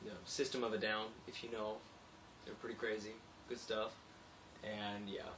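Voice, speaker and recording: A man's voice: lowish voice, flat delivery, normal speed, a bit bright, distant mic, a little hiss or hum. A young man who works in construction, rambling chattily in a late-night video diary and laughing easily. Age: young adult. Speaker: construction worker.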